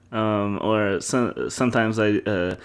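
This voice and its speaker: A man's voice: fairly low pitch, takes it slowly, clean tone. A young man co-hosting a sports podcast in casual, rambling chat, laughing often. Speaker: podcast co-host.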